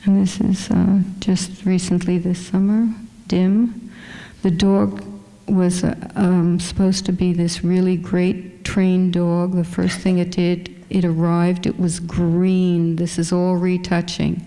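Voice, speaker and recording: A woman's voice: on the low side, flat delivery, slow, warm tone. A woman fashion photographer with a small voice, chatting casually with many fillers as she shows her photos in a museum lecture hall.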